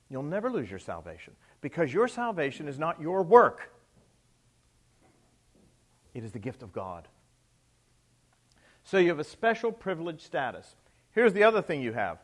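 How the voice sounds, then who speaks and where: A middle-aged male pastor preaching a sermon, emphatic, with rhetorical questions and swings between loud and soft. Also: fairly high pitch.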